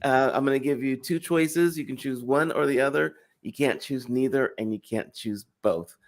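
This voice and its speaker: A man hosting an interview show, enthusiastic and chatty, quick to laugh. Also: medium pitch. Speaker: show host. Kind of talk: casual interview chat.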